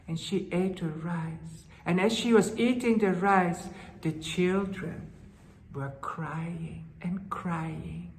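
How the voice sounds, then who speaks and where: A woman telling a folktale to children, dramatic and slow, with gasps and hushed asides. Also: fairly low pitch. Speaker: storyteller. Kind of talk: children's storytelling. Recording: roomy hall with long reverb.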